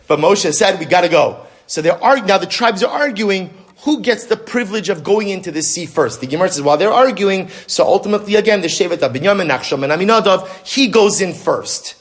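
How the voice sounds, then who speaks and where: Male rabbi, religious lecture, animated, rhetorical questions, slightly high pitch.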